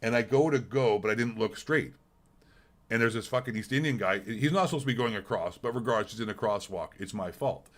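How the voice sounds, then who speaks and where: A Canadian man in middle age delivers a streamed rant full of swearing and repetition, heated and blunt in a casual way. His voice is lowish, and he speaks a little fast.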